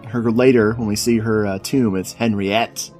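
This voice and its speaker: A man's voice: on the low side, steady tone, moderate pace, a little mellow, soft background music. A man co-hosting a casual movie podcast, talking in a joking, sardonic way. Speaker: podcast co-host. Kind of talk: casual movie review chat.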